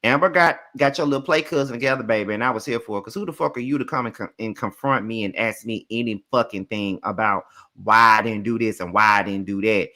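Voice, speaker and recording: A young man hosting a casual reality show recap, telling it in an animated, sassy way full of swearing. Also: lowish voice, quick pace. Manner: animated, profane, sassy retelling.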